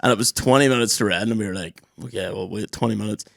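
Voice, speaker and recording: A young man, co-hosting a podcast in a studio and telling stories in lively casual chat, swearing freely. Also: fairly low pitch, very fast, creaky, dry recording. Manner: animated storyteller, swears freely, does loud voices. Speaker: podcast co-host.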